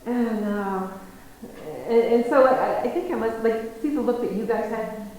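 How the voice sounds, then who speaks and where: Lady giving a talk, super echoey hall sound, animated storyteller, laughs a lot. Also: fairly high pitch, measured pace. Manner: animated, acts out conversations, laughs easily. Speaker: lecturer. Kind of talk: storytelling lecture. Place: lecture room. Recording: very echoey room, faint noise.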